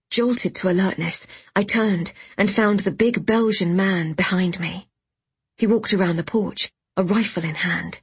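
Breathy, hushed woman narrating. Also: mid-range voice, unhurried, no room sound. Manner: soft, hushed, often half-whispered reading. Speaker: audiobook narrator. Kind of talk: first-person scripted narration.

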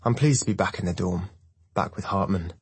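Male audiobook narrator, first person, measured, husky, dry. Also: low-pitched, no echo. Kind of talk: scripted narration.

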